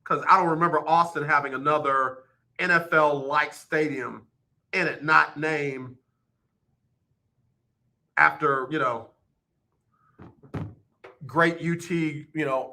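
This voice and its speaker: Emphatic sports radio host, bright voice. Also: male voice, fairly high pitch, fairly even intonation, slow, long pauses. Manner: emphatic, joking, repeats points for effect. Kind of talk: live sports talk radio. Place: radio studio.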